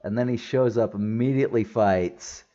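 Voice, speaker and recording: A man with a lowish voice chats through a movie review, laughing often and restarting his sentences as he goes. The recording is a little dull and lo-fi. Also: normal speed, warm tone. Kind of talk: casual spoken movie review.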